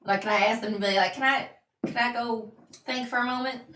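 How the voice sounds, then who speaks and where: Woman player, higher-pitched, bright tone, roomy sound from away from the mic. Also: fairly even intonation, a little fast, far from the mic. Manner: chatty, uncertain, trailing off. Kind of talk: casual tabletop chat.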